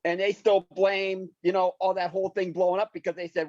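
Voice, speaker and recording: A man's voice: high voice, little pitch movement, a little fast, hardly any pauses, a little mellow, dry recording. A man co-hosting a podcast, quizzing the others and telling stories in casual chat. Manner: quizzing others, storytelling with restarts. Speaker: podcast co-host. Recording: dull dry lo-fi recording.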